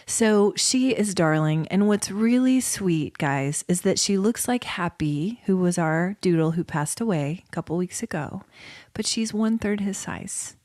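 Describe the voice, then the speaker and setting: A woman's voice: lowish voice, animated, unhurried, no echo, clean studio sound. A woman co-hosting a podcast, sharing family news in a casual, easygoing way. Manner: warm storytelling, laughs easily. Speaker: podcast co-host. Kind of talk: casual chat.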